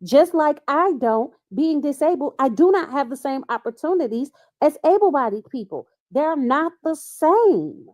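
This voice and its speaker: Blunt, high-voiced woman from Illinois. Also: lively intonation, moderate pace, few pauses, darkish tone, no echo, clean studio sound. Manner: blunt and emphatic. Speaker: guest. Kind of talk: casual livestream chat.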